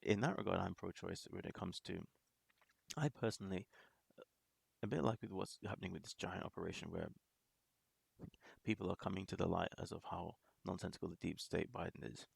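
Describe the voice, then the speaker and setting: A man's voice: low-pitched, fairly quick, gravelly, slightly rough, no room sound. A man hosting a reaction video, talking in casual commentary that rambles with restarts and small laughs.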